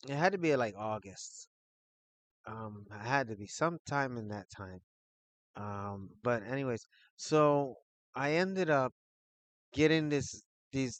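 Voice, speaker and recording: A man telling a personal story in a casual, rambling way, full of fillers, who gets animated as he retells it. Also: medium pitch, dry recording. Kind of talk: casual spoken anecdote.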